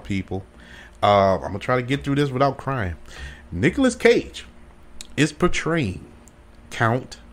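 A man's voice: mid-range voice, fairly bright tone. A man hosting a solo podcast, rambling and enthusiastic, laughing often as he talks. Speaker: podcast host. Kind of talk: casual solo podcast chat.

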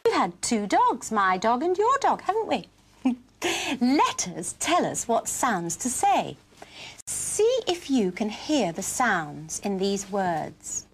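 A woman's voice: fairly high pitch, wildly swooping pitch, slow pace, breathy edge. A woman presenting a children's television programme, talking to small children in an encouraging, playful, sing-song teacher's manner. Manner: playful, gently coaxing.

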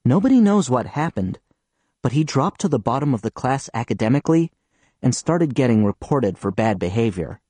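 A man reading an audiobook in the first person, his pitch moving in a lively, expressive way. He tells the story in an earnest, boyish manner. The recording is dry and close, with no room sound. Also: normal speed, husky, no echo. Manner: earnest, reads as a schoolboy telling his story. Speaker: audiobook narrator.

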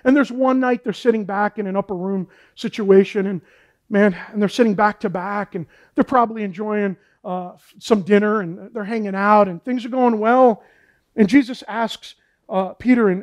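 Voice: medium pitch, moderate pace. A pastor preaching a sermon in a fervent, repetitive way, often saying "man" and "folks".

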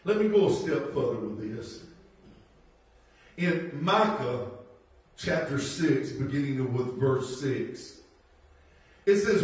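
A man's voice: mid-range voice, expressive, takes it slowly, long pauses. A man preaching a sermon as pastor, folksy and given to laughing asides and rhetorical questions. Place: church sanctuary. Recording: very echoey church from far off.

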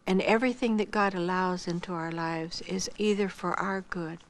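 An older woman from Iowa, a missionary earnestly telling her life testimony, acting out dialogue and dropping softly toward a whisper at tender moments. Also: on the low side, fairly even intonation, moderate pace, hardly any pauses. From Iowa, United States. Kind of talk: personal testimony storytelling.

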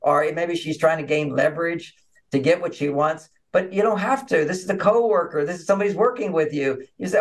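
A man's voice: on the high side, fairly quick. A man as an interview guest, telling stories and acting out little scenes of dialogue over a video call. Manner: animated, acts out quoted dialogue. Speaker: relationship author and interview guest. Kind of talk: conversational interview storytelling.

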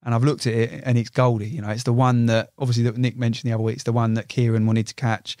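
A man's voice: mid-range voice, level tone, fast, a little mellow, no echo, studio quality. A young man and carp angler, telling fishing stories in a casual podcast chat, swearing and saying "you know" a lot. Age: young adult.

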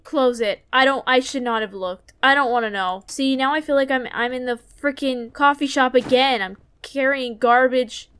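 A young woman with a high voice plays a horror game on stream. She talks to her chat in a nervous, jumpy way and reacts to each scare. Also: moderate pace, hardly any pauses, fairly bright tone. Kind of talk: gaming commentary.

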